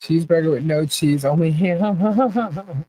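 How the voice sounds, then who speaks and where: A woman's voice: deep voice, takes it slowly, dark tone, rough recording. A woman hosting a casual live chat, laughing often and asking puzzled questions as she reads viewer comments. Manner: laughs often, baffled questions, repeats herself.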